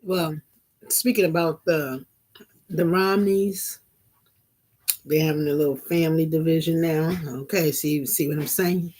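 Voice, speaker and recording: A woman's voice: deep voice, fairly even intonation, a little slow, long pauses, darkish tone. A middle-aged woman hosting a casual live vlog, preaching in a loose, repetitive way and laughing now and then. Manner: preachy, repeats phrases for emphasis, laughs at things. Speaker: vlog host and minister. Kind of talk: casual live-stream commentary.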